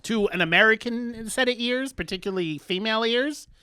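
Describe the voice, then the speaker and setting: Man, podcast co-host, crisp bright voice, casual recap, lots of fillers. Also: sits high, a little fast, no echo, clean studio sound. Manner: filler-heavy storytelling, many ums and uhs.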